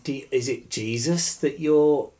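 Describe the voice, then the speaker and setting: A man hosting a podcast, introducing a bedside chat and gently asking questions from the foot of the bed. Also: medium pitch, unhurried. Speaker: podcast host. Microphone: microphone at the foot of the bed.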